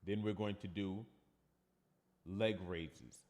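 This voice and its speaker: A man's voice: low voice, fairly even intonation, slow, a little mellow, long reverb tail. A man with a New York accent, a fitness coach chatting casually on a livestream and reading viewer comments aloud.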